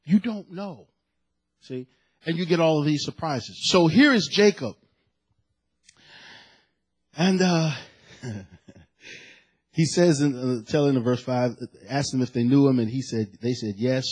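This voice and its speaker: A man preaching a sermon, telling a family story in a chatty, animated way with asides before reading and explaining scripture. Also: medium pitch, a little slow, long pauses, husky. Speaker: pastor.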